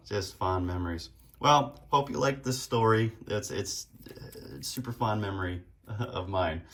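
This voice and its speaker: A man with a deep, low voice tells a story in a relaxed, rambling way, full of fillers and easy laughs. He talks casually to his viewers as a hobby vlogger. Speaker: card collecting vlogger.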